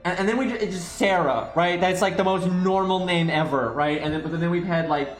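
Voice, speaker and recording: A man's voice: high-pitched, fairly quick, echoey room, soft background music, rough recording. A man commenting on a video game as he plays, ranting and swearing in exasperation. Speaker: gaming streamer.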